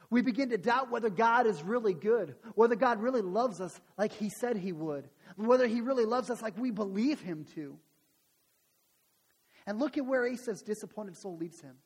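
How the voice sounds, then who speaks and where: A man's voice: high voice, husky, long reverb tail. A male pastor preaching a sermon and praying, earnest, with frequent restarts and repeated words.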